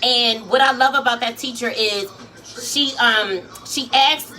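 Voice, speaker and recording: A woman's voice: on the high side, measured pace. A woman with a Philadelphia accent telling a story in casual vlog chat, slangy and swearing freely, acting out what people said. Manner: animated, slangy, swears freely, acts out quotes. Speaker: vlogger and life coach.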